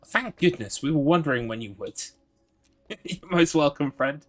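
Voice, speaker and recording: A man's voice: a little high, animated, normal speed, soft background music. A man streaming a game live, chatting in an upbeat way, reading chat aloud and laughing often.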